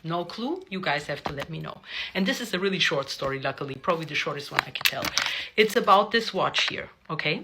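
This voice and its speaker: A young woman casually telling a personal story to camera, chatty and animated, often asking "right?". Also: low-pitched, fairly quick, very noisy.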